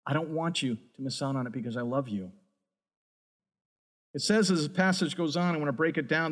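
A man's voice: a little high, a little fast, pauses often. A man preaching a sermon as a pastor, earnest and emphatic.

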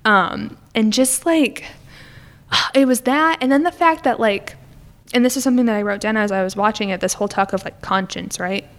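A woman's voice: a little high, normal speed. A woman co-hosting a podcast in a casual film discussion, chatty and full of "like" as she retells scenes.

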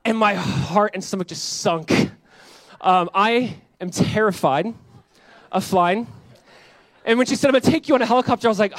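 A young male pastor preaching a sermon with animated, self-mocking storytelling. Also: high-pitched, quick pace, dry recording. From Southern California.

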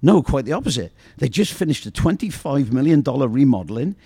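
A man reading the lines of a calm, mild-mannered male traveler in a joke, in a plain, matter-of-fact way. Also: mid-range voice, brisk, vocal fry, husky, no room sound, pitched above the performer's own voice, exaggerated voice. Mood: smug.

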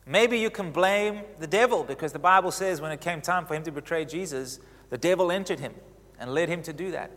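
A man preaching a sermon who gets animated, swinging in pitch and loudness as he drives his points home. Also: brisk, big-room sound.

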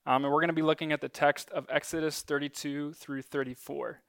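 A man gives a relaxed, conversational sermon, leaning on ums and small jokes at his own expense. His voice sits a little higher than most men's and comes across smooth and resonant. The sound is close and dry, with little room echo. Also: fairly quick. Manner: conversational, many ums, self-deprecating asides. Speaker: preacher. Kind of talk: casual sermon teaching.

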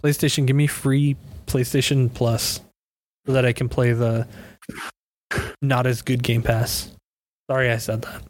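A man's voice: mid-range voice, level tone, a little slow, pauses often. A man co-hosting a casual gaming podcast, easygoing and teasing, laughing often. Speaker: podcast co-host. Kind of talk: casual chat.

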